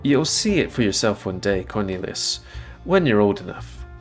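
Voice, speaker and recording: A man voicing a kindly elderly grandfather who paints, speaking in a formal, genteel, unhurried way. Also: lowish voice, very animated, faint music behind. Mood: fond.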